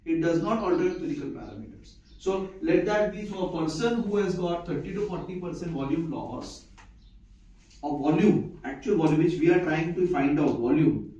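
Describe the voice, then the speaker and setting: Speaking at a moderate pace in a mellow, slightly high voice, a medical lecturer teaches a live class, restating key points and checking his listeners understand. The room recording sounds echoey, distant and muffled.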